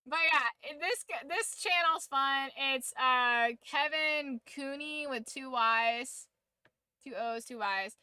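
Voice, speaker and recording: Slow, bright-voiced streamer woman. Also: high-pitched, no echo. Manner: slow, muttering asides, swears casually. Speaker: streamer reacting to videos. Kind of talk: casual reaction commentary.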